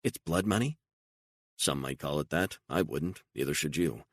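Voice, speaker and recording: A man's voice: very deep voice, animated, normal speed, no echo, full character voice. A man voicing an anxious, pleading woman. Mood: incredulous. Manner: pleading, incredulous, raising voice. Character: frightened, emotional adult woman on the run.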